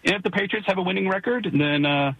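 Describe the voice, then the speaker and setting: Earnest, stumbling Arkansas caller. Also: male voice, high voice, fast, gravelly, slightly rough, no room sound, lo-fi sound. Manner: earnest, hesitant, stumbles on words. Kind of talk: call-in radio chat.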